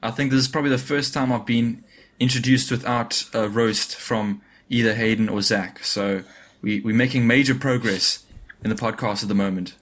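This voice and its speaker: A man's voice: medium pitch, steady tone, normal speed, fairly bright tone. A man co-hosting a casual sports podcast, with a dry, good-humoured manner. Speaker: podcast co-host.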